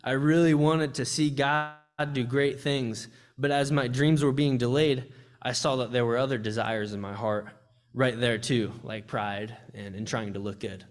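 A man's voice: medium pitch, steady tone, a little slow. Young guy preaching at church, earnest and heartfelt, keeps restarting his sentences, mid voice. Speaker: campus ministry speaker. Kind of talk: church testimony and sermon. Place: church service.

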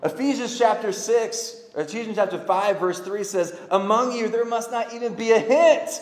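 A man preaching a sermon, swinging from loud emphatic calls to quiet earnest pleas. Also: high voice, normal speed. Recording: echoey hall.

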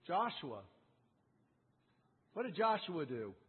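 A man's voice: on the high side, big pitch swings, slow pace, husky. A man preaching a sermon, firing off rhetorical questions and acting out the quotes himself. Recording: phone-like sound with long reverb.

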